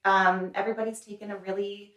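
A woman's voice: mid-range voice, little pitch movement, quick pace, fairly bright tone, dull audio. Chatty woman in an echoey room. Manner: chatty and earnest, many fillers and likes. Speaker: salon owner and hair remover. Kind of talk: interview answers. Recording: echoey room, mic a little distant.

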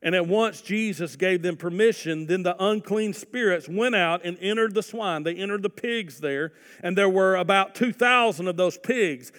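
A man preaches in a high voice, swelling loud for emphasis before easing into soft, earnest appeals. His sermon rings out with a long reverb, as if recorded in a church sanctuary. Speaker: pastor.

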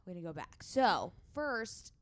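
A woman hosts a casual interview, affirming her guest and filling the gaps with frequent backchannels. Her voice sits fairly low. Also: sing-song, a little slow. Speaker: podcast host.

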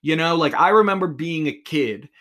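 Man in his 20s from New Jersey, solo podcast host; rambling, sarcastic rants, bright voice. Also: fairly high pitch, lively intonation, normal speed. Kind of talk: solo rambling comedic monologue.

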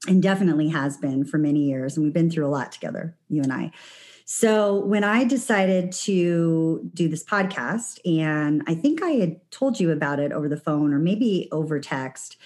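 A woman hosts a podcast in a casual, chatty way, often circling back with fillers and restarts. Her voice sits a little low. She grew up in Southern California. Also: darkish tone. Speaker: podcast host.

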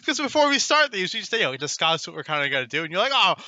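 Male co-host, bright and slightly high, dry close sound, quick sarcastic filler-heavy delivery. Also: very animated, dry recording. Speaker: podcast co-host. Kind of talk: casual movie-review chat.

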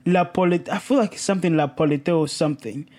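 Young male podcast host, high-pitched and excitable, self-mocking, fumbles basic French. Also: fast. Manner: animated, self-mocking, laughs often; stumbles through broken French phrases. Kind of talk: casual solo podcast chat.

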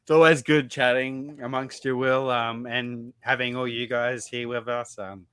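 A man's voice: medium pitch, flat delivery, unhurried, a bit bright, clear, resonant tone, no room sound. A man hosting a casual podcast chat, reading viewer comments aloud and laughing easily. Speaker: podcast host.

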